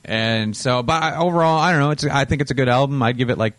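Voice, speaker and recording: A man's voice: medium pitch, fast, fairly bright tone, dry recording. A man from Canada co-hosting a casual music podcast, laid-back, with lots of fillers and hedges. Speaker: podcast co-host. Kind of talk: casual music review chat.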